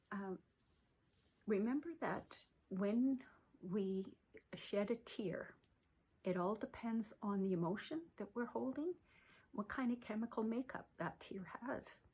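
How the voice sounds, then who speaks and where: A woman giving gentle self-care advice in a soft-spoken way, often sinking to a near-whisper, with many pauses and fillers. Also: mid-range voice, husky. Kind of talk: slow, gentle advice talk to camera.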